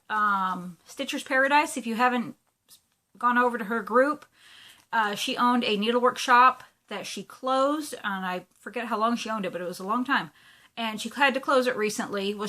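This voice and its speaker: A cross-stitch vlogger shows off her crafting supplies in a casual show-and-tell chat, gushing and packing her talk with fillers. Her voice is on the high side, bright and forceful.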